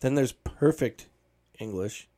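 A man co-hosting a casual chat about a movie, riffing and mocking it in fast bursts. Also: medium pitch, lively intonation, warm tone.

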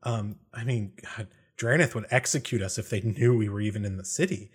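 A man's voice: on the low side, a little fast, slightly rough. A man voicing a nervous, chatty man who keeps a pet monster and rambles on. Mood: fretful. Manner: rambling, talks on and on.

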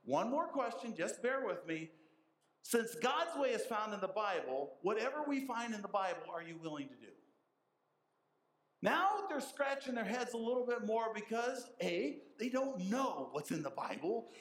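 A man's voice: sits high, big pitch swings, normal speed, roomy sound, poor audio. A man preaching a sermon as pastor, emphatic and repeating his key phrases for stress. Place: church sanctuary.

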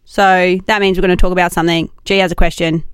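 A woman's voice: on the low side, little pitch movement, fast talker, smooth, no room sound. A woman co-hosting a podcast, chipping in with short quips in casual chat. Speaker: podcast co-host.

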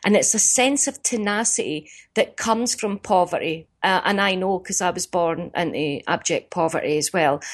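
A Glaswegian Scottish woman in her forties, a comedian telling stories in an emphatic, animated way over a phone line. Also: on the low side. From Glasgow, Scotland. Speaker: comedian guest. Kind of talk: phone interview.

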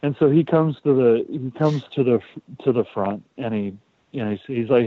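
Speaking briskly with a steady tone at medium pitch, a man hosts a podcast and casually tells a story, repeating himself and cursing occasionally. The audio is tinny and phone-like, completely dry with no room sound.

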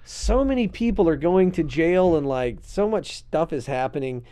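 A man's voice: fairly high pitch, expressive, normal speed, warm tone. A man in his thirties in casual political chat as a podcast co-host, joking and rambling. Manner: jokey, rambling, acts out silly scenarios.

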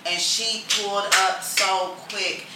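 A woman's voice: mid-range voice, fairly even intonation, slow, noisy background. Middle-aged woman telling a story, echoey. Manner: emotional, laughs through the story. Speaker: guest sharing a personal story. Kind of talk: casual storytelling chat. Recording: echoey room, far from the mic.

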